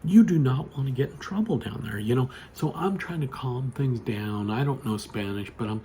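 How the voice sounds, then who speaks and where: Guy rambling a story into his phone, gravelly voice, faint hum behind. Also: medium pitch, lively intonation, moderate pace, dark tone. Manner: rambling, lots of "you know" and restarts. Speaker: storyteller vlogger. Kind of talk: casual spoken storytelling. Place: home desk with computer monitors.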